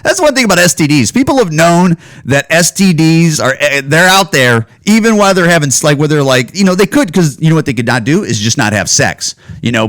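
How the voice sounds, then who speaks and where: Male podcast host, profane rambling rant, slightly higher voice, pitch swinging widely. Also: a bit bright. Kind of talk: casual solo podcast rant.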